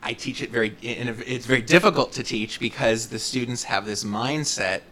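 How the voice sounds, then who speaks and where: A man's voice: mid-range voice, a little fast, a bit bright, slight background noise, rough recording. A man hosting a radio interview, asking thoughtful, earnest questions in the manner of a teacher.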